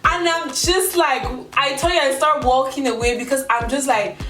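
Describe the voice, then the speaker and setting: A young woman vlogger telling a story in a chatty, animated way, acting out her own quotes. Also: high voice, moderate pace. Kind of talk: casual storytelling. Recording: roomy echo from a distance, music behind. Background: background music.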